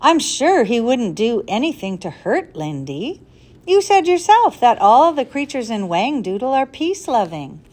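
A woman voicing an eager, excitable boy who talks in a pleading, urgent way. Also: on the high side, a little slow.

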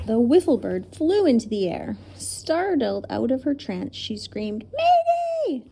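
Gravelly, dark-voiced woman reading a story. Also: medium pitch, slight background noise. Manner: expressive, dramatic reading. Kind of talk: storybook read-aloud.

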